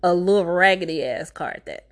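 A woman recapping a movie in a casual, comedic way, talking fast, swearing freely, and making sarcastic asides. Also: lowish voice. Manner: profane, sarcastic, talks fast.

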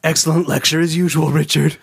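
A man's voice: a little high, little pitch movement, brisk, vocal fry, slightly rough. Cheeky young woman assistant played by a man in a light put-on voice, unbothered. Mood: breezy.

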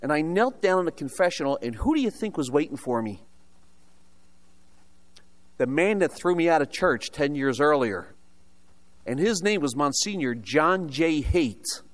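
A man's voice: a little high, big pitch swings, unhurried, pauses often. An older American man preaching a sermon, telling his own story with humorous asides and rhetorical questions. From United States. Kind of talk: sermon with personal testimony.

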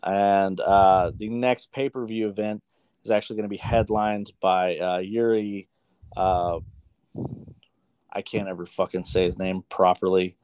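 A man's voice: sits low, little pitch movement, unhurried, darkish tone, smooth, dry recording. An American man co-hosting a sports show in casual chat. He swears freely and trips over names as he reads through results. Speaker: sports podcast co-host.

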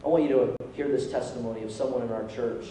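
A male pastor preaching a sermon in a church, animated, calling out to the congregation for responses. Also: mid-range voice, fast, slight background noise. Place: church sanctuary. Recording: echoey hall from far off.

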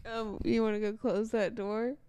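A woman co-hosting a casual live podcast chat, giggly and excitable. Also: fairly high pitch, normal speed, clean tone, dry recording. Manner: giggly, laughs often, excitable. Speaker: podcast co-host.

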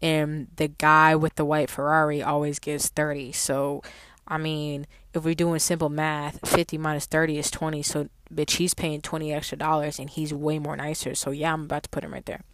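Low-voiced woman, sassy storytime ranter, swears freely, dry close sound. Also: moderate pace, no echo. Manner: profane, blunt and sassy; animated with sudden emphatic outbursts. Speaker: valet parking attendant. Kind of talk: storytime rant.

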